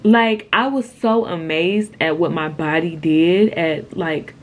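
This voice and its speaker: A woman's voice: on the low side, takes it slowly. A young woman telling a personal story in a casual, candid way, with lots of "like". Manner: chatty, candid, says "like" a lot. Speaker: vlogger telling her birth story.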